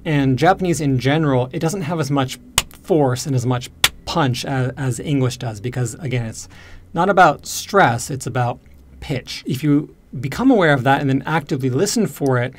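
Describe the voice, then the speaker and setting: A man who teaches Japanese, calmly explaining pitch accent and giving feedback on a learner's recording. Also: normal speed. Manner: calm and explanatory, with fillers. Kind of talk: pronunciation feedback.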